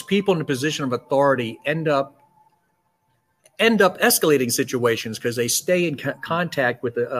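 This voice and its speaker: A man co-hosting a podcast and explaining de-escalation as a security trainer, speaking emphatically in quick lists. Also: medium pitch, a bit bright. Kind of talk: conversational podcast talk.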